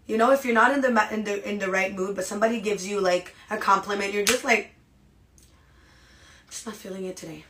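Dramatic woman podcast host, pep talk straight to listeners, acts out little voices, mid pitch. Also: quick pace, a bit bright, a little hiss or hum. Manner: talks straight to listeners, asks rhetorical questions. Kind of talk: motivational monologue.

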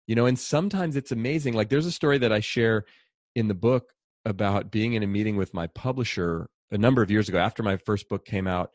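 Middle-aged male author, fast and animated storyteller, lowish voice, dry close sound. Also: dry recording. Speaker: author and speaker. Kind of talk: conversational storytelling.

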